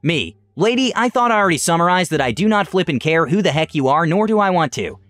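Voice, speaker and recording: A man's voice: a little high, expressive, fast talker, a bit bright. A narrator voicing a fed-up man shopper snapping back. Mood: exasperated. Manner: exasperated, emphatic retorts. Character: fed-up large man shopper, non-confrontational but angry.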